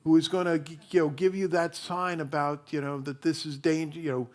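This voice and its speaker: Minister guy giving a loose chatty sermon, lots of uh and restarts, voice a bit high. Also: little pitch movement, a little fast, darkish tone. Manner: chatty storytelling with many fillers and restarts.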